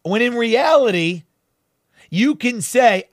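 A man's voice: sits high, expressive, normal speed, a bit bright, dry recording, studio quality. A man hosting a talk show, delivering fiery, emphatic and sarcastic political commentary.

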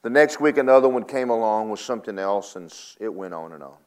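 Older male preacher with a wide-ranging pitch and a folksy manner, swinging from loud exhortation to low, hushed storytelling. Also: expressive, fast talker. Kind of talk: sermon.

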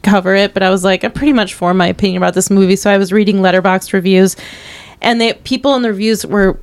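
A woman's voice: medium pitch, steady tone, fast talker. A woman co-hosting a movie review podcast, chatting casually and laughing often. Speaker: podcast co-host.

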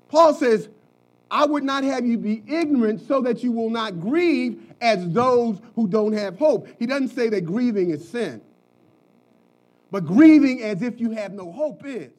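A man preaches a sermon in a high, lifted voice. He sinks into quiet, talky asides and then climbs into shouted, ringing lines. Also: low-quality recording. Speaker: pastor.

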